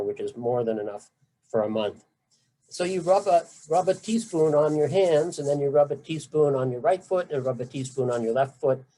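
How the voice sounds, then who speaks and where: A middle-aged man lecturing patients on nerve pain treatment in a relaxed, conversational way. His voice sits in a mellow, warm register at a middling pitch. He speaks with emphasis and friendly asides. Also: poor audio. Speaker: physician lecturer. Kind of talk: medical talk to patients.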